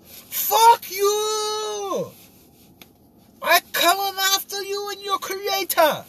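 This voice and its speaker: A man's voice: very high-pitched, drawn-out words, background noise, voice pushed up, full character voice. A man putting on a scornful tough Russian guy. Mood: furious. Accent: put-on Russian, done poorly. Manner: blunt, scornful, swearing.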